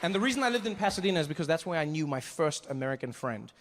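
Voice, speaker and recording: A man from South Africa doing stand-up, telling a story with animated voices for the people in it, recorded live in a large theatre. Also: on the high side, racing, in a large hall, a faint crowd. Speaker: stand-up comedian. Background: audience laughter.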